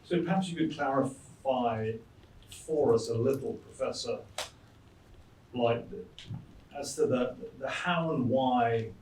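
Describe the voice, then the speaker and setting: Man, moderator, halting and hesitant, echoey room, distant mic, faint noise. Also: mid-range voice, a little mellow. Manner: halting, many fillers and restarts. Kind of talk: hosting an audience Q&A. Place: lecture hall.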